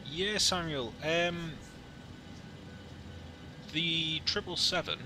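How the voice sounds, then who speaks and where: A man's voice: on the high side, very slow, background noise. A man streaming a flight simulator who chats in a jokey, rambling way with viewers between radio calls. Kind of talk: casual live-stream chat with radio calls.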